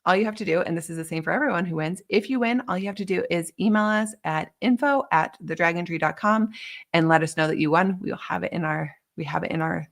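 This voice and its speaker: This woman talks fast in a lowish, creaky voice while hosting a casual live stream. She gushes as she chats, leaning heavily on filler words.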